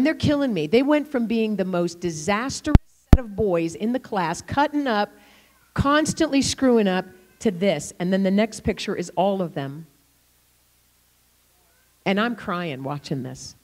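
An older woman gives a storytelling sermon in church, animated and expressive. She jumps into the voices of the people in her tales, then settles back into a plain, medium-pitched delivery. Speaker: guest preacher.

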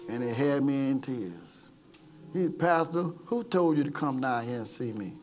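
A man's voice: medium pitch, lively intonation, normal speed, darkish tone, slight background noise. A man preaching an impassioned sermon as pastor, calling people forward and retelling stories with acted-out quotes. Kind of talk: sermon with altar call. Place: church service.

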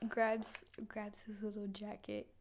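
A woman's voice: mid-range voice, completely flat delivery, measured pace. A young woman improvising a casual role-play, narrating her character's actions in the present tense and often giggling.

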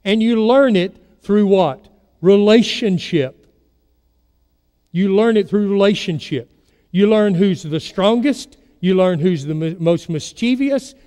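A male pastor delivers a sermon to his church, often stopping to ask the congregation questions. His voice sits a little high and sounds mellow and soft-edged. The sanctuary adds a long reverb to every word. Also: slow, clear, resonant tone. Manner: storytelling preacher, asks the congregation questions.

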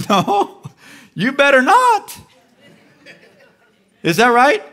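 A man preaching a live sermon as pastor, animated and acting out little voices as he goes. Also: very high-pitched, extremely slow, pauses often. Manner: animated, acts out voices of the flesh and believers. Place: large church.

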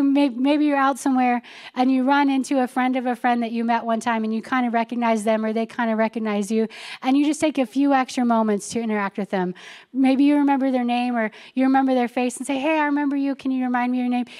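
A woman's voice: a little high, a little mellow. A woman pastor giving a conversational sermon, telling everyday stories with chatty asides and reading scripture.

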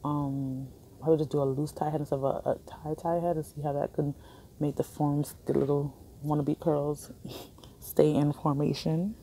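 A woman's voice: deep voice, little pitch movement, normal speed, mellow, a little hiss or hum. A young woman chatting casually on a phone vlog in a hospital waiting area, rambling and laughing often. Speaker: vlogger. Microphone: phone camera held in hand.

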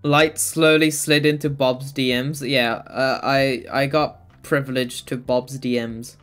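Streamer, man, rambling and giggly, unhurried delivery, light music in the background. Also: medium pitch, level tone, fairly bright tone. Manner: rambling, giggly, chatting to viewers. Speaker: game streamer. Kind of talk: casual live-stream chat while playing.

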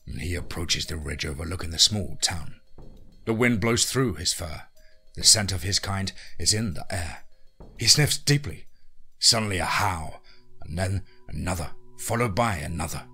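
A man hosting a podcast, narrating a horror story in a deliberate, hushed way. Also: low voice, lively intonation, creaky, breathy edge, soft background music.

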